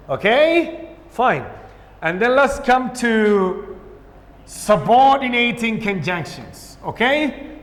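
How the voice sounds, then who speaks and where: A male English teacher with a Somali accent, teaching grammar in a lesson, asking questions and answering them himself. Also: high-pitched. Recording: echoey room with long reverb.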